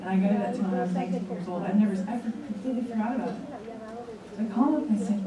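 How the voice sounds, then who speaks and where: A woman's voice: mid-range voice, very fast, a crowd in the background. A woman in her forties, a seminar leader, telling a candid personal story to a seminar audience and acting out the dialogue. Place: large room with an audience. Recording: echoey room from far off, audience noise. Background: audience murmur.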